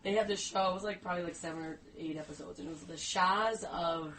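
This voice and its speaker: A woman co-hosting a casual podcast, chatty and quick to laugh and agree. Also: on the low side, a crowd in the background, rough recording. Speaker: podcast co-host.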